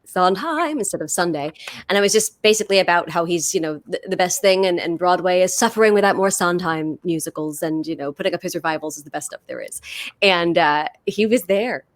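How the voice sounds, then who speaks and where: A woman chatting casually as a guest performer, telling stories in an animated, excited way over a video call from home. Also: lowish voice, fairly quick, no room sound. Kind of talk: casual chat.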